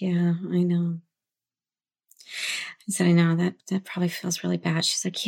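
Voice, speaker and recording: Woman, guest author, fry in the voice, fairly low, animated storytelling, conversational. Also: normal speed, pauses often. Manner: animated, tells anecdotes with tag questions.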